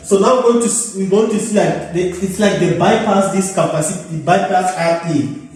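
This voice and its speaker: A man with a rather high voice explains a circuit problem, thinking aloud and circling back on his own points. He sounds set back from the mic. The room around him rings with heavy echo. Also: normal speed, a little mellow. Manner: thinks aloud, repeats himself, addresses viewers as guys. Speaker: electrical engineering tutor. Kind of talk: informal problem-solving lesson. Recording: echoey room, mic at a distance.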